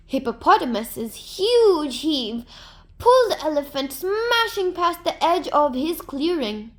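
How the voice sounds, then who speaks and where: Slow, high-voiced woman storyteller. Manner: gentle, expressive, unhurried. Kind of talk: storybook narration for children.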